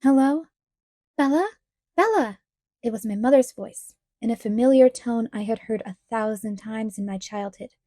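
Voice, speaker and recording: Woman reading a book aloud, kinda high mellow voice, very dry sound. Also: fairly even intonation, normal speed, hardly any pauses, no echo. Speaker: audiobook reader. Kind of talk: scripted narration.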